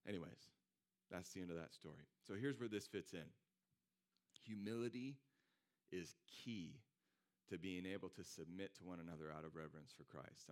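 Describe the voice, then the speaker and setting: A man preaching a sermon in a casual, conversational way, telling a personal story and acting out what his friends said. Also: low-pitched. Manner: animated, conversational, acts out quoted friends. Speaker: pastor.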